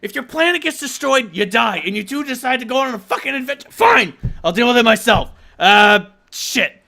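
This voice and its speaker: A man's voice: very high-pitched, expressive, a little fast, creaky, bright, forceful tone, voice pushed up, heavily acted. A man voicing an exasperated, foul-mouthed male emperor in a tabletop game, frantic and swearing.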